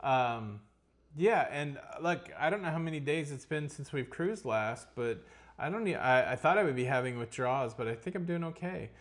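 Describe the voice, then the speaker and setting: A man's voice: medium pitch, animated, moderate pace. A man co-hosting a casual live cruise question-and-answer stream, rambling and full of puns. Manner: jokey, rambling, punning.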